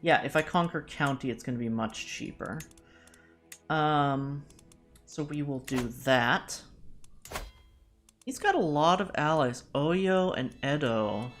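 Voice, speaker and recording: Woman streamer, low voice, chatty play-by-play, thinks out loud, faint music under her. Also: takes it slowly, pauses often. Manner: self-deprecating, jokey asides. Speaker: VTuber streamer. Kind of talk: live game-stream commentary.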